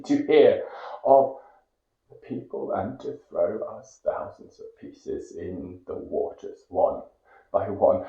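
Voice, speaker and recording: A man from Great Britain giving a dramatic poetry recitation, intense, moving between hushed whispers and loud cries. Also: sits low, animated, slow pace. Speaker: poetry reader. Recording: echoey, dull lo-fi recording.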